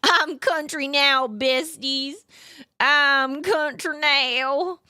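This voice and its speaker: A woman's voice: a little high, moderate pace, fairly bright tone, close to an everyday voice. A woman streamer voicing a playful, twangy country woman who brags about her boots and truck. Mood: playful drawl.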